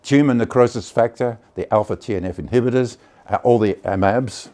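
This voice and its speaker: A man's voice: mid-range voice, fairly quick, mellow. An older man giving a chatty, digressive conference lecture on medicines. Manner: chatty and digressive, many hesitations. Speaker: pharmacology lecturer.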